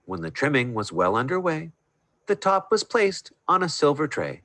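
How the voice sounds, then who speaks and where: A man reading a rhyming Christmas picture book aloud in a sing-song, expressive way over a video call. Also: on the high side, normal speed, no echo. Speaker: storyteller.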